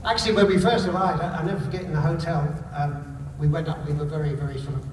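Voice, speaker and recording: Older English comedian, high-pitched, chatty asides to the crowd, recorded far off in an echoey hall. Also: male voice, steady tone, fast talker, heavy background noise. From England. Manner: chatty, teasing asides to the audience. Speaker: comedian and after-dinner speaker. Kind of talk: stand-up storytelling.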